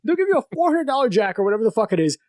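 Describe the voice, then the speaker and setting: A man with a high, lively voice hosts a podcast and tells stories with a lot of swearing. His pitch swings up and down freely, and the sound is dry and close with no room echo. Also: rapid-fire. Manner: animated, profane storyteller who laughs often. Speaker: podcast host. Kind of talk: casual chat.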